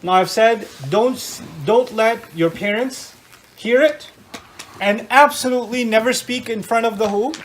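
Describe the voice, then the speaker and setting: A middle-aged man giving an animated religious lecture to a live audience, often quizzing his listeners with questions. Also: very high-pitched, unhurried, a little hiss or hum. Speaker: Islamic lecturer.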